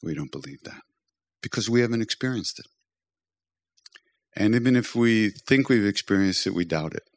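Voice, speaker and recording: An older man giving a storytelling spiritual talk, gently humorous and self-deprecating, as a teacher and podcast host. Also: fairly low pitch, lively intonation, normal speed, long pauses.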